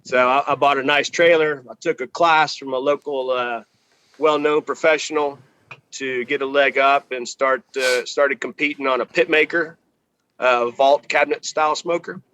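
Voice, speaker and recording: A man from Texas, guest on a barbecue podcast, chatting in a relaxed way with many pauses, on a video call from outdoors. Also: mid-range voice, clean tone, no room sound, low-quality recording. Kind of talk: casual podcast conversation.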